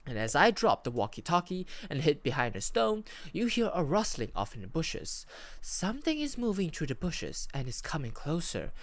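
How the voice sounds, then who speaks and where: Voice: mid-range voice, wildly swooping pitch, moderate pace, no echo. A VTuber from Malaysia, reading out and playing an interactive AI adventure story on a close streaming mic. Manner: storytelling, with rising and falling emphasis and small restarts. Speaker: VTuber host.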